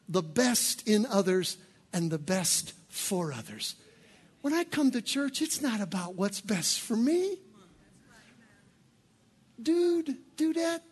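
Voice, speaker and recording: Husky high-voiced preaching pastor. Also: male voice. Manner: preaching with shouted peaks and playful asides. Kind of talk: sermon.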